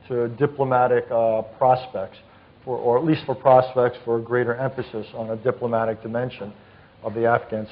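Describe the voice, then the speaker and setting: A man on a panel speaking hesitantly, qualifying his points as he goes. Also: medium pitch. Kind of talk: panel discussion answer. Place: conference hall. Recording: dull lo-fi recording.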